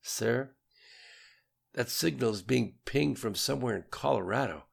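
A man voicing a dutiful young male airman giving crisp reports in an audiobook. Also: mid-range voice, measured pace, voice pushed up, full character voice.

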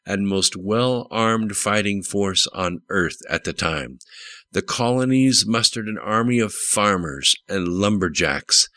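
A man's voice: on the low side, pushed and bright, dry recording, pitched above the performer's own voice. A man reading the lines of a stern, blunt, battle-hardened male general in an audiobook.

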